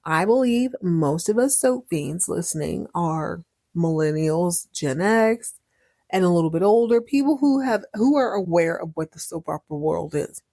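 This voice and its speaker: A woman's voice: on the low side, lively intonation, moderate pace, warm tone, dry recording, studio quality. Playful, sarcastic woman podcast host. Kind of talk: casual soap opera recap.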